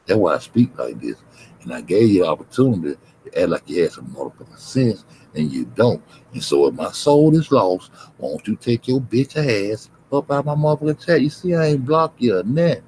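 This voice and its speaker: A man's voice: mid-range voice, dark tone, a little hiss or hum, rough recording. A man livestreaming, ranting at his chat in a confrontational, heavily cursing, repetitive way. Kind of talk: profane rant at chat.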